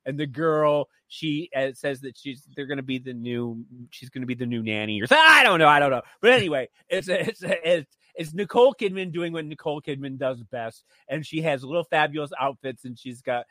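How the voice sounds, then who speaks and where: A man co-hosting a radio talk show, chatting and recapping a TV series in an animated way, often stammering and restarting. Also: normal speed, hardly any pauses, dry recording, studio quality. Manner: animated, acts out dialogue in shrill voices when retelling scenes. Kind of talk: casual chat reviewing a TV series.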